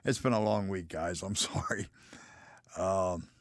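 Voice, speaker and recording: Casual, halting American man on a dry mic. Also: low-pitched, no echo. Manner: casual, halting, many fillers and restarts. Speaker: host. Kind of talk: live-stream chat answering viewer comments.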